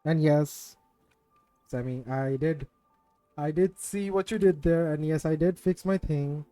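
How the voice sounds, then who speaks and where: A man's voice: fairly high pitch, a little slow, warm tone, dry recording, faint music behind. A man casually chatting with viewers on his game stream, rambling and self-mocking, swearing when something goes wrong. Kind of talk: casual live-stream chat with viewers while gaming.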